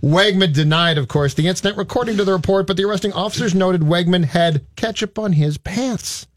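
A man's voice: high voice, a little fast. A man co-hosting a comedy talk show, reading a strange news story aloud and laughing at it. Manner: amused, laughs at his own stories. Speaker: radio show co-host.

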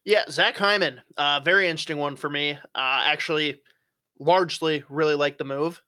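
Bright-voiced opinionated young man. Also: fairly high pitch, fairly even intonation, normal speed, smooth, no room sound, studio quality. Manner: opinionated, swears casually, frequent fillers. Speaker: hockey podcast co-host. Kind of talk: casual sports chat.

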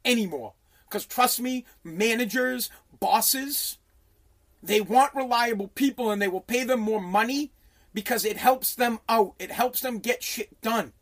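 Brash business owner, 30s, aggressive swearing motivational rant. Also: male voice, extremely high pitch, a little slow. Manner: profane, aggressive, emphatic. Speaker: business owner and radio host.

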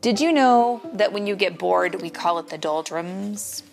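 Slow, chatty woman reading a storybook. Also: mid-range voice, vocal fry, music in the background. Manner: chatty, explaining to children. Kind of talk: picture-book read-aloud with asides.

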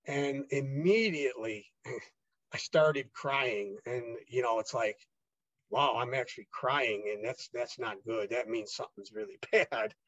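A man as a podcast guest telling his own story in a casual, halting way, with many fillers and restarts. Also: mid-range voice, fairly bright tone, no echo, dull audio.

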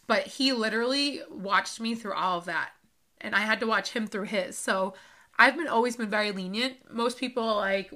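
A woman's voice: medium pitch, normal speed, pushed and bright. A woman in her thirties hosting a podcast, telling her own life story in a casual monologue that turns emotional, full of "like" and "um". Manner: emotional, with frequent fillers and laughs. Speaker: podcast host.

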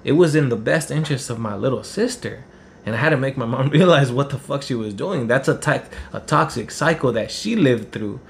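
A man's voice: mid-range voice, lively intonation, a little fast, gravelly, a little hiss or hum. A man, telling a personal story in a rambling, heated, profane way. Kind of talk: casual storytelling.

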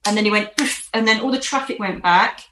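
Animated woman, echoey room. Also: medium pitch, a little fast. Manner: animated, emphatic storyteller. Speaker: medium, interview guest. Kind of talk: casual storytelling in an interview.

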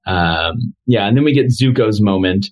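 A man's voice: fairly low pitch, moderate pace, highs cut off. A man co-hosting a podcast, chatting casually through a recap with lots of fillers. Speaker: podcast co-host.

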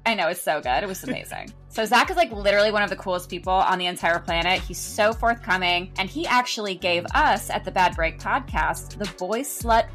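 A woman's voice: mid-range voice, fairly quick, hardly any pauses, fairly bright tone, faint music behind. Gushing, chatty woman podcast co-host. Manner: gushing, chatty, laughs often. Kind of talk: casual podcast chat and guest introduction.

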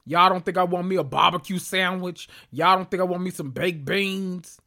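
A man's voice: high voice, fairly even intonation, moderate pace, creaky, sharp tone. A man hosting a podcast, chatting casually and profanely, rambling with self-interruptions. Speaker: podcast host. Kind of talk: casual reality-TV recap chat.

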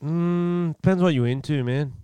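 Smooth-voiced joking Australian man. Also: a little high, moderate pace, mellow, dry recording. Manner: joking, slips into silly put-on voices. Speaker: podcast co-host. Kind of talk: casual comedy podcast chat.

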